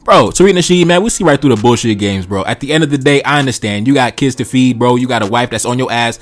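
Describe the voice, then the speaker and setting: A man's voice: medium pitch, lively intonation, fast talker. A Haitian man hosting a reaction video, talking bluntly and profanely, often calling his listeners "bro" and "man". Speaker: channel host reacting to tweets. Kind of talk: reaction commentary.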